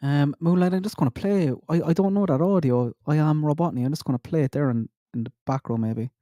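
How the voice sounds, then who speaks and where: Fast-talking Irish man hosting a livestream. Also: fairly high pitch, mellow, no echo. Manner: chatty, talking straight to viewers by name. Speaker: livestream host. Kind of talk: casual live-stream chat.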